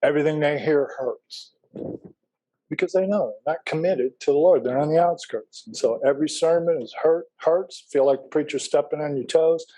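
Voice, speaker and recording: A middle-aged man leads a Bible class, talking casually and drifting into personal stories while he tosses questions to the room. His voice sits a little high but has a dark, mellow tone. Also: moderate pace, low-quality recording. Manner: folksy, anecdotal, asks the class questions.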